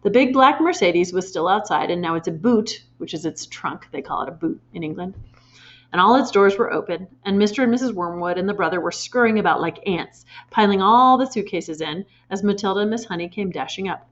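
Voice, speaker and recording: In a muffled recording, a woman with a mid-range voice reads a children's storybook aloud at a brisk pace. She reads expressively and points out the pictures along the way.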